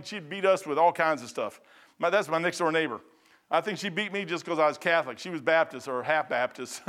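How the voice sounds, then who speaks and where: High-voiced folksy preacher man. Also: a bit bright. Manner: folksy, conversational preaching with asides. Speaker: pastor. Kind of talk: sermon.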